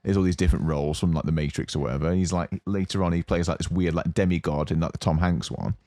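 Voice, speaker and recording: Deep-voiced man rambling through a story. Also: fast, dry recording. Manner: rambling, animated storytelling with many fillers. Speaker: podcast co-host. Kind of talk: casual chat.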